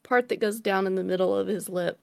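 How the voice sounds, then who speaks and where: Creaky-voiced woman chiming in on a podcast. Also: mid-range voice, steady tone, a little fast, darkish tone, no room sound, studio quality. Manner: short agreements and playful asides. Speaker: podcast co-host. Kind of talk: casual chat.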